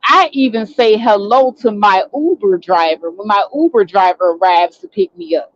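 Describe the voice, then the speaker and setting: Speaking at normal speed in a mid-range voice, an online talk show host from Chicago rants indignantly through a casual story, performing other people's quotes. The audio is dull, with no room sound.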